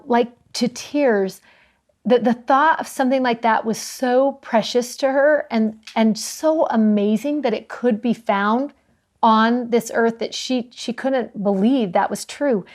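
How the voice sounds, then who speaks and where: A woman co-hosting a scripture study discussion, telling stories earnestly and slowing down to stress key words. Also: fairly high pitch. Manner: earnest, warm storytelling with slowed emphasis. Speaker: co-host of a scripture study show.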